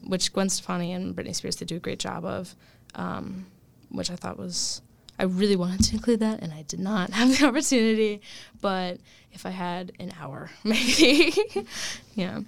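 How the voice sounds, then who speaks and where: A young adult woman in her first year of college appears as a student guest in a casual interview, chatty and full of fillers and laughs. Her voice is mid-range and creaky at a measured pace, in a dry recording.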